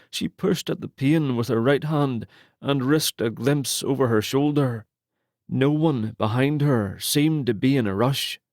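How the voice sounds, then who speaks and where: Steady male audiobook narrator, dry close sound. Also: mid-range voice, no echo. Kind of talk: scripted narration of a romance novel.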